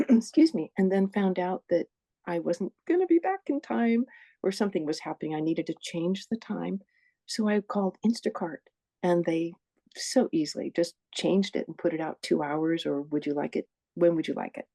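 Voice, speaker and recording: A woman with a mellow, slightly low voice speaks into earbuds on a call. She is chatty and leads a group session, often stopping to correct herself or say sorry. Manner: chatty, self-correcting, apologetic. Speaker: presenter of a support group session. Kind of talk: casual presentation on a video call. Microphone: earbuds with a phone.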